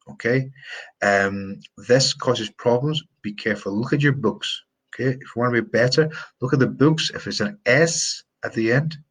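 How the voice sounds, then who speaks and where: Guy teaching english sounds on a live stream, real slow, says words over and over. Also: lowish voice, a bit bright, slightly rough. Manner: repeats words slowly to drill sounds. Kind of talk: live-streamed pronunciation lesson.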